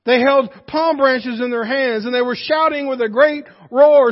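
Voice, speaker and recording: High-voiced preacher in a reverberant hall. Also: male voice, normal speed, hardly any pauses. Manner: emphatic, conversational with joking asides to the congregation. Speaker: pastor. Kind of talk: sermon. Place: church sanctuary. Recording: reverberant hall, dull muffled sound.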